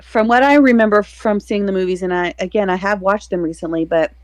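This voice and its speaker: A woman co-host chats loosely on a book podcast, circling back over her points and breaking into laughter. Her voice sits at an ordinary middle pitch. The sound is very dry and close, with no room around it. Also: a little fast, dry recording. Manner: chatty, rambling, laughs often. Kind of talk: casual chat.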